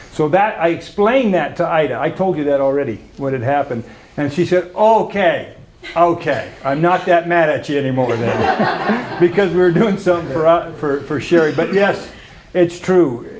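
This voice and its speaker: Man with a higher voice, rambling recollections. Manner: rambling, self-correcting. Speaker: religious group leader. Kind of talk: off-the-cuff memorial remarks.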